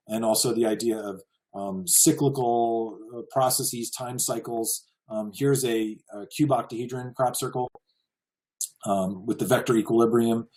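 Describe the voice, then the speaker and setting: An American presenter gives a casual slideshow lecture in a medium-pitched, darkish voice, sounding earnest and full of wonder and chuckling now and then. The recording is rough.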